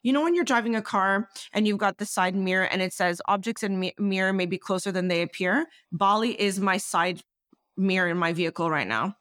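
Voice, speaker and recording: A woman's voice: medium pitch, a little fast, a bit bright, no echo, studio quality. A woman, a podcast guest talking passionately and emphatically, swearing freely. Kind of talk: candid conversational interview.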